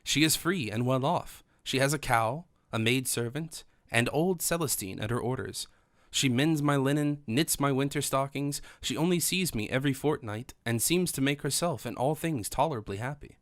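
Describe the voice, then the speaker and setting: A cheerful, worldly middle-aged grocer holds forth proudly about his good fortune, voiced by a man reading the book. The tone stays genial and even. The sound is dry and close. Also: medium pitch, normal speed, no room sound, close to an everyday voice.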